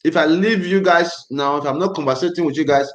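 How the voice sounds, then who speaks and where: A man's voice: fairly high pitch, a little fast, reverberant, low-quality recording. A man hosting a casual livestream, tense and angry, talking emphatically and repeating himself. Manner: emphatic, repetitive, agitated. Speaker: livestream host.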